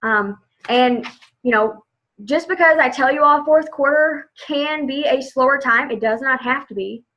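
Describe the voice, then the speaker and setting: Woman, team leader, chatty motivational live video; sharp, bright tone, lo-fi sound. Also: high voice, measured pace. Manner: chatty, upbeat, says "like" a lot. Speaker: direct sales team leader.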